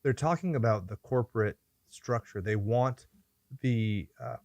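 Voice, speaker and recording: A man's voice: medium pitch, unhurried, darkish tone, no echo. A man hosting a podcast, reviewing a movie in casual chat with sarcastic, joking asides. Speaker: podcast host.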